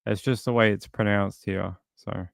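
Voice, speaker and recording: Rambling through a true crime case on his livestream, this non-US man reads and responds to chat, full of fillers and false starts. He speaks at a normal speed in a fairly low, gravelly, level voice, captured as a dry, clean studio recording.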